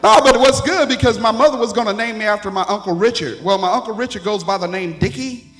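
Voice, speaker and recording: A man performing an animated stand-up set on a theater stage, working the crowd with a drawl. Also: high voice, fast talker. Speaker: stand-up comedian. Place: theater stage with live audience laughing.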